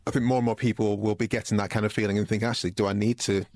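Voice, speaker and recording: A man hosting a podcast, relaxed and casual, with lots of fillers and easy laughs. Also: fairly low pitch, rapid-fire, no room sound. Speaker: podcast host. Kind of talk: casual conversational interview.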